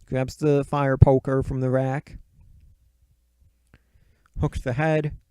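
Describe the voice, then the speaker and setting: A man's voice: medium pitch, level tone, takes it slowly, warm tone, smooth, no room sound. A man casually recapping a movie plot in a rambling, profane, offhand way. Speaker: movie reviewer.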